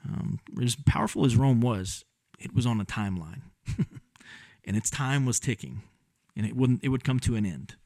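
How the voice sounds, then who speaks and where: A man preaching a sermon in a conversational, animated way. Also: medium pitch, normal speed, no echo, clean studio sound. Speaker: pastor.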